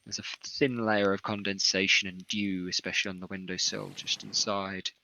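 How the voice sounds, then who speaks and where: A man narrating a tabletop game as game master, describing scenes in an unhurried way. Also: sits low, level tone, creaky, bright, forceful tone, a little hiss or hum, low-quality recording.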